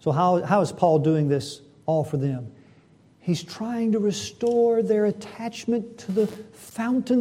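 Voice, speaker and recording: A man's voice: high voice, takes it slowly, warm tone. A man preaching a sermon, reading scripture and building to fervent emphasis. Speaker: pastor.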